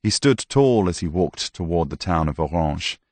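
A man reading a novel aloud with measured, even storytelling, close to the mic. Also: sits low, dry recording. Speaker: audiobook narrator. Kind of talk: scripted narration.

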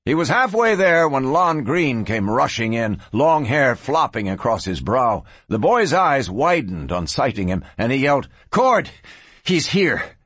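A man narrating a western audiobook in an expressive, varied storytelling voice. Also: medium pitch, a little slow, few pauses, breathy edge, dry recording.

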